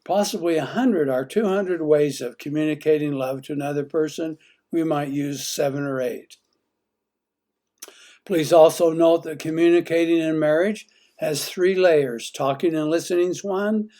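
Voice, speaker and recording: A man's voice: fairly high pitch, mellow. A man giving an instructional talk on marriage, putting many direct questions to the listener. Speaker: marriage teacher.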